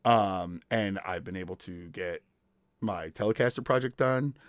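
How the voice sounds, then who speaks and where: This podcast host, a man in his thirties, speaks low and a little slowly in a dry, clean studio recording. He chats casually through his stories, laughing a lot and performing the voices of the people he quotes.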